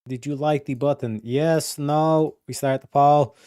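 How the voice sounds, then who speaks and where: A man's voice: on the high side, fairly even intonation, unhurried, mellow, clean tone, no echo, studio quality. Swearing, rambling male livestream host. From Europe. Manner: rambling, swears a lot, reads chat aloud. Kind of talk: casual live stream chat.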